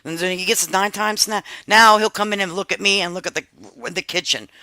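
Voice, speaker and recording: Middle-aged woman, live-stream host, bright tone, dry close sound, laughs a lot, swears casually. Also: mid-range voice, steady tone, brisk, dry recording. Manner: chatty, laughs often, swears freely; frank and talkative. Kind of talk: casual live-stream chat, reading viewer comments.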